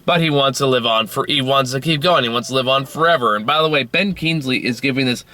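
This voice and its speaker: A tired young man reviews a film on his own, rambling, swearing and often restarting his sentences. He talks fast in a mid-range voice that sounds pushed and bright.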